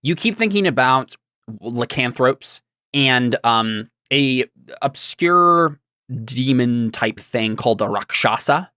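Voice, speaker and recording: A man in the middle pitch range narrates a tabletop game as game master. He rambles and hesitates, with many fillers and restarts. His voice sounds dry and close. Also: lively intonation, takes it slowly, bright, forceful tone, clean tone, no room sound.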